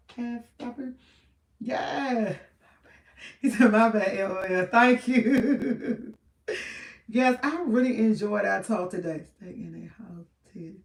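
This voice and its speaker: A woman's voice: on the high side, a little mellow, distant mic. A middle-aged woman, chatting casually and rambling with viewers on a livestream, laughing often. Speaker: livestream host. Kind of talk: casual live chat with viewers. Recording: roomy sound from off-mic.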